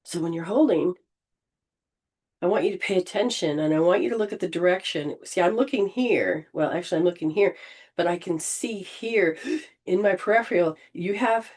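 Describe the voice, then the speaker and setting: A woman leading an informal spiritual healing session, gently coaching and often restarting her sentences. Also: on the low side, normal speed. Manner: rambling, with frequent restarts and throat clearing.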